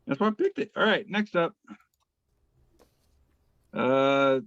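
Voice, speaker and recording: A man's voice: mid-range voice, sing-song, unhurried, a bit bright, no echo. A man co-hosting a podcast in casual chat, laid-back and joking, sometimes stumbling over his words. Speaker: podcast co-host. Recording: dry, dull lo-fi call audio.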